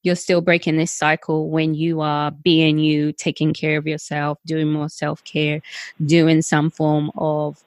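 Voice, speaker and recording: A woman with a notably low voice hosting a conversational podcast, encouraging and affirming her guest. The sound is close and dry, with no room echo. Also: completely flat delivery, unhurried. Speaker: podcast host. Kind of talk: conversational interview.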